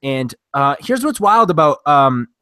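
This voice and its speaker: A man co-hosting a movie podcast, telling stories in an excitable, laughing, swearing way. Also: on the high side, a little slow, clear, resonant tone, no echo, clean studio sound. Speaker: podcast co-host. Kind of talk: casual chat.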